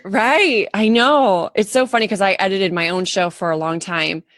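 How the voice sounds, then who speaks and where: A woman's voice: mid-range voice, normal speed, fairly bright tone, no echo, clean studio sound. A woman from Southern California chatting as a podcast guest, laughing often and acting out little quotes. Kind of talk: casual podcast conversation.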